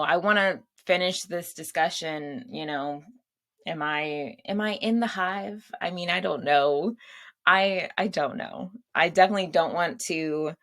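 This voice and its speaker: A woman's voice: low-pitched, fairly bright tone. A woman hosting her own show, chatting casually and laughing at her own asides. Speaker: podcast host. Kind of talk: casual solo chat.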